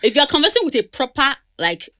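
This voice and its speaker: A woman from Nigeria with a Nigerian accent, a podcast guest in casual chat, animated and slipping into pidgin. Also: high voice, fast, dry recording, clean studio sound. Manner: animated, mixes in pidgin, laughs often.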